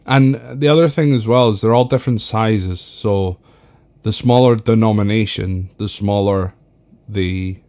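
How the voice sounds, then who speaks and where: A Scottish man hosting a podcast alone, talking casually and rambling with lots of fillers. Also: measured pace. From Scotland. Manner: rambling, many fillers, lively swings in pitch. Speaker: podcast host. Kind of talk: casual solo podcast talk.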